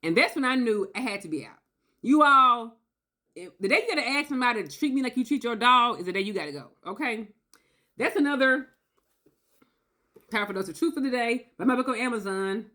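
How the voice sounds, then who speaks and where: A woman talking straight to her viewers in a casual, animated storytelling monologue, acting out quotes and often tagging points with "okay?". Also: fairly high pitch, a little fast. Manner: animated, acts out quotes, tags lines with "okay?". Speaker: video creator.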